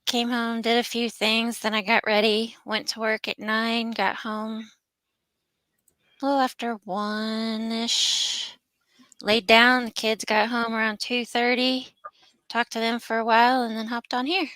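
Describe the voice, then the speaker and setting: Woman, higher voice, slow relaxed talk, casual co-host, laughs a lot. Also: no echo. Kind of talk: casual chat.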